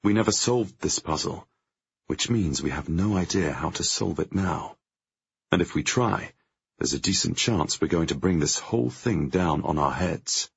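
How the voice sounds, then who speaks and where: A man narrating a first-person audiobook in a tense, measured way, with a gravelly, husky voice. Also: low voice, expressive, no room sound. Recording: dry, dull lo-fi audio.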